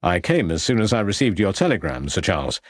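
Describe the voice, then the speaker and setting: A man voicing a calm, methodical police inspector. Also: low voice, no room sound, clean studio sound. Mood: measured. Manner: polite, measured.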